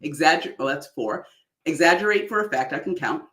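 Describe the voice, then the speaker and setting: Woman speaking coach, lively up-and-down delivery, laughs often, roomy echo. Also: deep voice, a little fast. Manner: animated, exaggerated delivery with frequent laughs. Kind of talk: online workshop talk.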